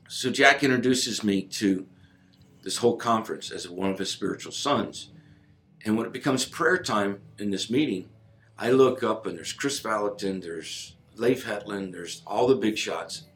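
A man telling a personal faith story in casual conversation, emphatic and informal, his voice swinging from loud to hushed. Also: lowish voice, roomy sound. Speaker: guest sharing a personal testimony.

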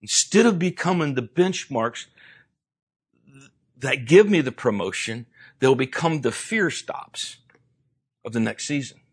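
A man's voice: mid-range voice, animated, a little slow, pauses often, husky. A male pastor preaching a sermon, telling a personal story with dramatic swings, then leading a fervent prayer full of repeated words. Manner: repeats words when building intensity.

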